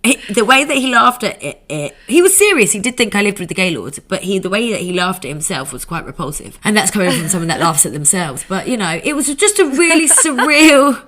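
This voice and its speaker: A woman's voice: medium pitch, sing-song, brisk, hardly any pauses, fairly bright tone. A woman, a podcast co-host telling a long story in casual chat, swearing freely. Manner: chatty, swears freely, tells anecdotes with quoted voices.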